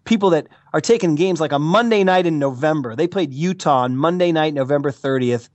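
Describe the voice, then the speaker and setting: An American man, a regular pundit, talking sports in a casual, animated way with playful mock emotion. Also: on the high side, a little fast, dry recording, lo-fi sound. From United States. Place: California, Bay Area.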